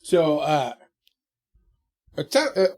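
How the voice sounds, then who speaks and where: A man's voice: fairly high pitch, slow pace, a little mellow. A middle-aged man hosting a podcast, chatting casually and laughing easily. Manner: laughs easily, eager and amused. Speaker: podcast host. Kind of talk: casual chat.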